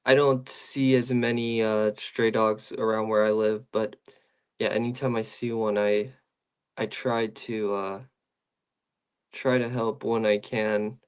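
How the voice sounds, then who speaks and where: A man's voice: mid-range voice, little pitch movement, slow, smooth. A young man in casual podcast chat, telling a long story with many restarts and fillers.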